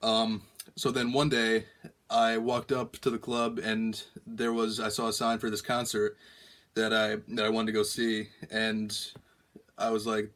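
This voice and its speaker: A young man tells a story on a prank call with deadpan delivery, stopping often with ums and restarting his sentences. His voice sits low. It stays flat and even throughout. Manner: halting, many ums and restarts. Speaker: prank caller.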